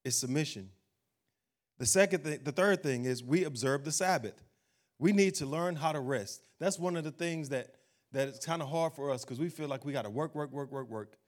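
A man preaching a sermon, emphatic, slowing down to read scripture. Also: on the high side. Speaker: pastor.

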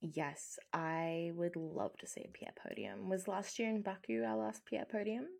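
A woman's voice: on the low side, normal speed, creaky, darkish tone. A woman co-hosting a casual podcast chat, playful and steering the topics. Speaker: podcast co-host.

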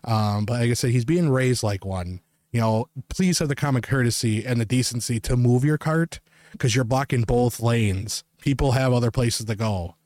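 A man on a podcast rants his way through a story, full of swearing and loose fillers like "like" and "you know." His voice sits at an ordinary pitch for a man. The close mic is dry, with almost no room sound. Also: moderate pace, a little mellow, dry recording. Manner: profane, emphatic, rambling with many fillers. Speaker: podcast co-host. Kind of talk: ranting anecdote to co-hosts.

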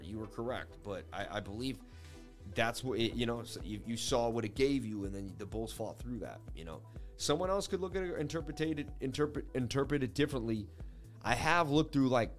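A man hosting a casual market-analysis livestream, rambling in a conversational, self-assured teaching way. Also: medium pitch. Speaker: host.

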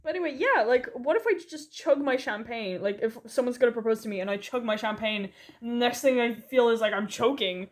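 A woman's voice: a little high, fairly quick. A young woman from Poland co-hosting a podcast, rambling casually with lots of "like" and frequent giggles. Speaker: podcast co-host. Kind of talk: casual chat.

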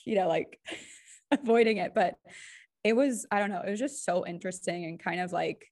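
A woman co-hosting a podcast in casual chat, talking fast and loose with lots of "like" and "right?". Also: on the low side, a little mellow. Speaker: podcast co-host.

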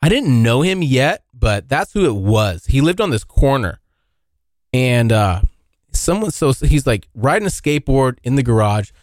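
Young man, podcast host, casual solo storytelling, lively swinging pitch, profane and rambling, dry close sound. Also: normal speed, dry recording. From Washington State, US. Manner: rambling, profane, animated when acting out scenes.

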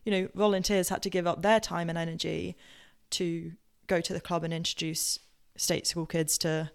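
A woman with a posh southern English accent hosts her podcast and tells personal stories. Her voice sits a little low and has a strong vocal fry. She rambles along with plenty of fillers and self-corrections. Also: little pitch movement, normal speed. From Southampton, England. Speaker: podcast host. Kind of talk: casual personal storytelling.

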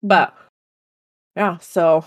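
A woman's voice: on the low side, steady tone, very slow, no room sound, clean studio sound. A woman co-hosting a podcast, chatting casually with a teasing, sarcastic edge. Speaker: podcast co-host. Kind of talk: casual chat.

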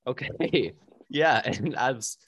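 A man's voice: mid-range voice, lively intonation, slow pace, fairly bright tone. A man co-hosting a casual podcast, teasing and laughing often. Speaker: podcast co-host.

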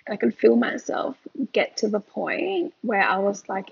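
A woman's voice: medium pitch, very animated, a little slow, vocal fry, slightly rough, highs cut off. A mother co-hosting a parenting podcast, chatting candidly and laughing as she tells stories, worn out from lost sleep. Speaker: podcast co-host. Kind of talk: casual chat.

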